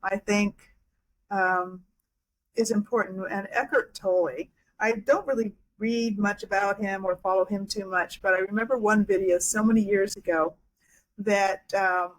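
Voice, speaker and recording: A woman's voice: mid-range voice, fairly even intonation, a little slow, poor audio. A woman speaking as a podcast guest, a hypnotherapist and life coach, talking reflectively with frequent restarts and fillers. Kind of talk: casual interview talk.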